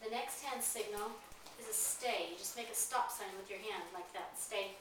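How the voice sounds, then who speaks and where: A woman's voice: mid-range voice, moderate pace. A woman dog trainer explaining obedience commands, moving between firm authoritative and chipper upbeat tones. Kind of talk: instructional demonstration. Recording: very echoey, distant mic, clear ambient noise.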